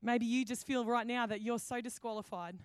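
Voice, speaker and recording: A woman pastor, preaching a sermon with animated storytelling and acted-out dialogue. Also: a little high, brisk, no echo. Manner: animated storytelling, acting out quoted voices. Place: church hall.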